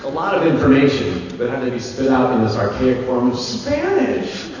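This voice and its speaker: A man telling stories as a convention panel guest, animated and laughing often, acting out the voices of the people he quotes. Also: medium pitch, moderate pace, a little hiss or hum. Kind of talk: anecdotal storytelling. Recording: echoey dull hall sound from far off.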